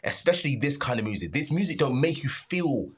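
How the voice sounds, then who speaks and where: An excitable young man co-hosts a casual music reaction. His voice is a little husky, and his pitch swings widely as he swears and repeats himself for emphasis. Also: brisk. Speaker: reaction channel co-host.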